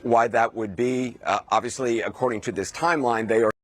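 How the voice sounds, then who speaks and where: A male news correspondent reporting live, speaking in a halting way with frequent restarts. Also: mid-range voice, fairly even intonation, slight background noise. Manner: halting, many restarts and fillers.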